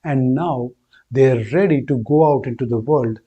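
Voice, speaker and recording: A man's voice: medium pitch, normal speed, mellow, slightly rough, muffled recording. A man hosting a storytelling channel and narrating an epic tale in a friendly scripted way. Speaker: storyteller host.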